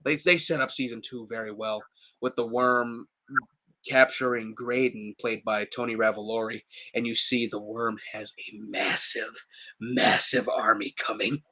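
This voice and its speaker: Bright-voiced animated man chatting. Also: on the low side, unhurried. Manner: animated, laughs often, acts out quotes in raised voices. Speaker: podcast co-host. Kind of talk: casual chat.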